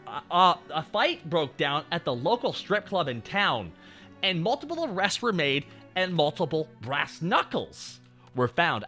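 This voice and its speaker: A man streamer casually telling a long, profane story to his viewers, swinging between low muttering and shouting. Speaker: VTuber streamer.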